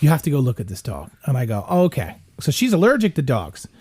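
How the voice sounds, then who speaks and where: A man's voice: mid-range voice, huge pitch swings, quick pace, darkish tone, slightly rough. A middle-aged man telling a long, rambling story in casual chat, swearing often. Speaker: podcast guest.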